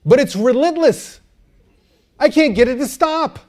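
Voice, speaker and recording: A man preaching a sermon to his church, animated and joking, often asking the crowd for an amen. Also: extremely high pitch, unhurried. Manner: animated, joking, calls for amens. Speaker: pastor.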